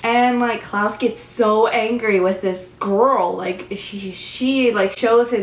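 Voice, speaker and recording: A young woman vlogger in a casual, chatty recap, acting out characters' lines in quick bursts. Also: fairly high pitch, roomy sound. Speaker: vlogger reviewing TV episodes.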